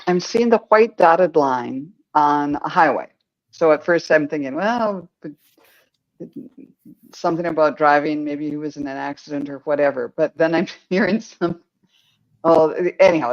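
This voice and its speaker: A woman medium giving a psychic reading in a gentle, hesitant way, with many pauses and ums. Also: low-pitched, dull audio.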